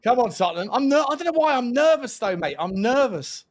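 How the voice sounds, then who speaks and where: Excitable, high-pitched football fan host. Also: male voice, a little fast. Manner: animated, mocking banter at the screen. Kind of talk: football watch-along chat.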